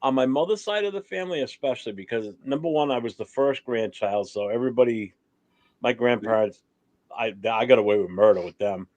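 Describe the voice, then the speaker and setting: A middle-aged man hosting a livestream talk show tells childhood stories in a loose, animated way, laughing and swearing as he chats. His voice is medium in pitch and brisk. There is no room sound in the recording.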